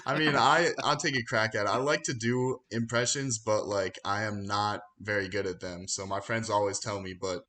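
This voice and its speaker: A man's voice: on the low side, fairly even intonation, normal speed, hardly any pauses, pushed and bright. A man on a podcast chatting casually, self-deprecating and laughing. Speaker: podcast contributor.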